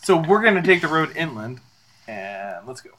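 A man's voice: on the high side, big pitch swings, moderate pace, pushed and bright, slight background noise, poor audio. A man playing a tabletop game, joking and stubborn, laughing often. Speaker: player. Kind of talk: casual tabletop play.

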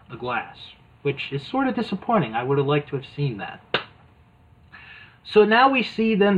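A man casually retelling an old wrestling videotape scene by scene, amused and rambling with fillers. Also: fairly high pitch. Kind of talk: casual chat. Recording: tinny phone-like sound.

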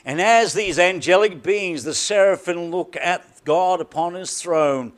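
A man with a high voice preaches a sermon from the pulpit. He leans hard on repeated words and lets key phrases sink to a near hush before rising again. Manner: emphatic preaching with deliberate repetition and dramatic drops in volume. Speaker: pastor.

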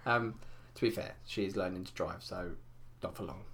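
A man's voice: low-pitched, normal speed, a bit bright, slight background noise. A young man, telling rambling, crude stories in casual podcast chat. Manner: crude, rambling storyteller with lots of fillers. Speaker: podcast co-host.

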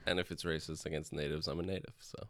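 A man co-hosting a comedy podcast, laid-back with deadpan quips. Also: extremely low pitch, fast, no room sound, clean studio sound. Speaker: podcast co-host. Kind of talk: casual comedic chat.

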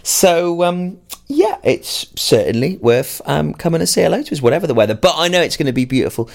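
A man's voice: a little high, big pitch swings, a little fast, creaky. Male radio presenter, upbeat and promotional, lots of "uh" fillers. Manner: enthusiastic, filler-heavy, promotional. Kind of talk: casual on-air chat.

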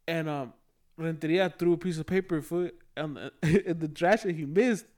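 A man's voice: a little high, normal speed, darkish tone. A young man in casual chat, telling a school story full of swearing and laughter.

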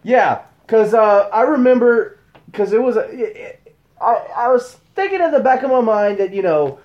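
A man's voice: high voice, animated, moderate pace. A man hosting a podcast interview, laid-back and amused as he recalls old times. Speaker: host. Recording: dull lo-fi audio.

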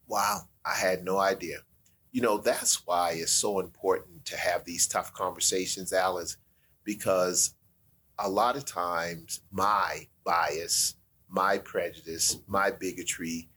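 A man's voice: sits low, steady tone, slow, sharp tone, slightly rough. A man hosting a casual conversation, eagerly urging his guest to go on with the story. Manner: eager, encouraging listener. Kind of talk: casual chat.

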